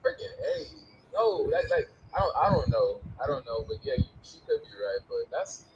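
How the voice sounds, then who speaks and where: A man in casual chat, reacting with loud exclamations. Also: fairly high pitch, wildly swooping pitch, moderate pace, gravelly, dull audio, background noise.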